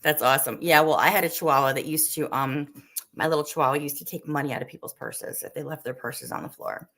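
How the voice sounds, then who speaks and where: This woman hosts a casual livestream, talking with viewers in a loose, rambling way that is full of "like" and "um." Her voice sits low for a woman. She grew up in the Northeastern United States. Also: fast, a bit bright. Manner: rambling and chatty, heavy with "like" and "um". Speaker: livestream host. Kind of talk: casual chat while cooking, answering viewer comments.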